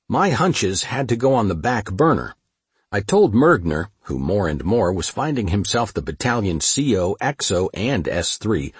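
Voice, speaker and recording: Low, husky male memoir narrator. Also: dry recording. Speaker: audiobook narrator. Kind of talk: first-person memoir narration.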